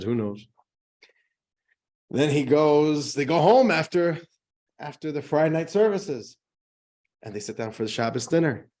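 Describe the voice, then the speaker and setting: A man who is a rabbi teaching a class, telling a joke in a lively, conversational way before explaining a lesson. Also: fairly high pitch.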